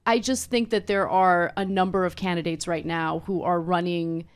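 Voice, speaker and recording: A woman's voice: lowish voice, fairly even intonation, normal speed, clean tone. A woman guest commentator in casual political chat, speaking emphatically and candidly.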